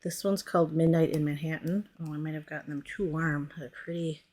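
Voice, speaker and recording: Her voice is low and a little mellow, with fairly even intonation and a brisk pace. The American nail product stylist walks through a chatty nail tutorial, narrating her hands as she goes and often stopping mid-thought to fix what she said.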